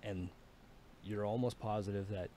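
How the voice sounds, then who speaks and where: A man's voice: lowish voice, steady tone, normal speed, warm tone, a little hiss or hum. A man narrating as dungeon master, telling a battle in a casual, profane way with many fillers. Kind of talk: narrating a tabletop game.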